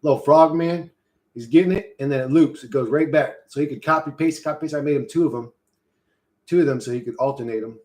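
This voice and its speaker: A man's voice: fairly high pitch, fast, a little mellow. Rambling, profane male streamer. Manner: rambling, profane, laughs often. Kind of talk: casual live-stream chat. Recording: echoey room.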